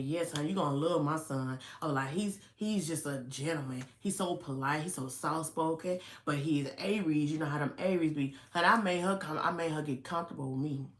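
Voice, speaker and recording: Middle-aged woman vlogger, lively chatty storyteller with a slightly low voice, recorded in a roomy space. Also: fast talker, hardly any pauses. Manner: animated, chatty, fussing with lots of "honey" and "y'all". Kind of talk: casual storytelling to camera.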